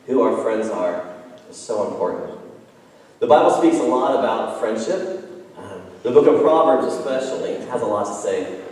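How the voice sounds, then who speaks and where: Pastor preaching in an echoey hall. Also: male voice, on the low side, lively intonation, moderate pace, darkish tone. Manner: conversational, storytelling, frequent ums and restarts. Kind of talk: sermon. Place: church sanctuary. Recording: echoey church hall from far off.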